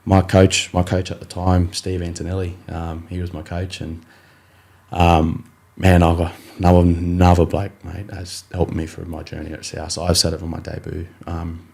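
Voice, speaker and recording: Deep-voiced Australian footballer telling his story. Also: completely flat delivery, moderate pace, vocal fry, a little mellow. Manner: rambling, many fillers and restarts, acts out his coach in quotes. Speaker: rugby league player, podcast guest. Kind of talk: casual storytelling interview.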